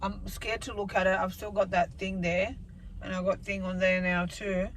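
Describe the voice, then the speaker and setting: In a casual vlog update, a woman in her thirties tells a rambling, emotional story straight to camera. Her voice is medium-pitched with a flat delivery at normal speed, and the rough recording carries slight background noise.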